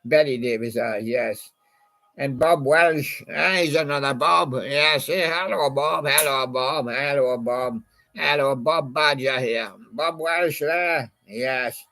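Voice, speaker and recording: Slow, gravelly man rambling to himself. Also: mid-range voice, sharp tone. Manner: meandering, reminiscing about old songs and talking to a toy badger. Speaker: channel host. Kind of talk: rambling casual monologue.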